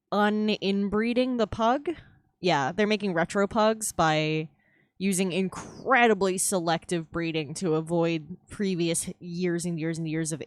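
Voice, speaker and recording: Casual, low-voiced woman streamer. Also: no echo. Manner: casual, swears freely, laughs easily. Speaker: streaming artist. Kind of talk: casual chat while drawing on stream. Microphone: headset.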